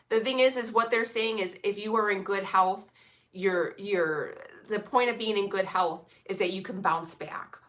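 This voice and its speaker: A woman's voice: mid-range voice, fairly bright tone. A young woman chatting casually with her live-stream viewers, sassy and blunt, full of slang and swearing. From Illinois, USA. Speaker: vlogger reading live chat.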